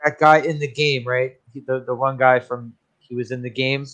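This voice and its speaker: A man's voice: mid-range voice, little pitch movement, moderate pace, a bit bright. A man co-hosting a casual movie-review podcast, rambling and sarcastic.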